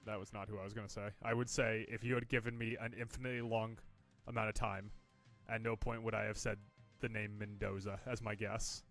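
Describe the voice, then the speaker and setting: A man's voice: lowish voice, level tone, brisk, fairly bright tone, faint music behind. Wry, rambling male podcast co-host. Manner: wry, rambling, dry teasing. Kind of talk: casual chat.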